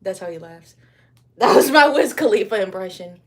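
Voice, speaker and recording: A woman's voice: mid-range voice, lively intonation, moderate pace. A young woman from Wisconsin chatting casually on a livestream while she crafts, rambling in slang.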